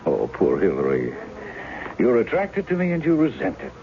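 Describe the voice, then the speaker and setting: A man's voice: low-pitched, huge pitch swings, moderate pace, a little hiss or hum, exaggerated voice. An actor playing a charming, wry male novelist in his forties who poses as a woman's lost husband, in 1970s radio drama style. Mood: persuasive. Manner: teasing, easy charm. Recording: muffled old radio broadcast with music.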